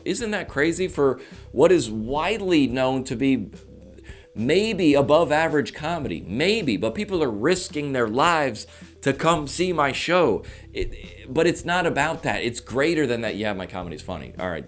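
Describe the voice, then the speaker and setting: A man hosting his own show, talking through a casual comedic monologue with rambling jokes and quick self-mocking asides. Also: fairly low pitch. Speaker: stand-up comedian, show host.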